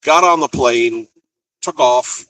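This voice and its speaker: A man's voice: mid-range voice, takes it slowly, a bit bright, poor audio. A man from Colorado who drives a truck, telling rambling stories in a chatty, casual vlog and laughing easily. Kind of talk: casual storytelling.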